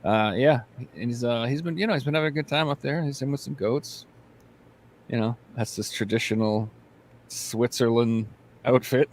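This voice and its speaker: A man hosting a casual podcast, talking at a mid-range pitch for a man. He rambles and jokes, trips over his words and circles back with plenty of fillers. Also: normal speed. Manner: rambling, jokey, lots of fillers and restarts. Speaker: podcast host. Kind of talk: casual chat.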